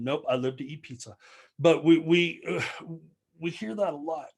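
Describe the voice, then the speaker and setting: A man's voice: fairly high pitch, expressive, a little fast, husky. Earnest man giving a talk. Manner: earnest, rambling with jokes. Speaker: speaker. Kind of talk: motivational talk. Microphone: video call.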